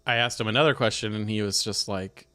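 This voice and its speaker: A man's voice: on the low side, fairly even intonation, fast, pushed and bright, clean tone. A man co-hosting a podcast, telling rambling comic stories and laughing often. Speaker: podcast co-host, comedian. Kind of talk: casual comedic chat.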